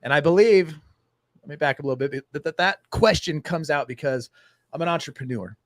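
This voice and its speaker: A man hosting a casual talk show, telling a story with lively acted-out dialogue. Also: fairly high pitch, a little fast, no room sound, studio quality. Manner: animated storyteller acting out dialogue. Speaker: host.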